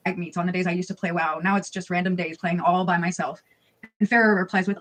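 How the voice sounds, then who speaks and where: A woman's voice: fairly low pitch, steady tone, fast, fairly bright tone. A woman narrating scripted commentary, reading out posts in a blunt, sarcastic tone and swearing freely. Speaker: video narrator.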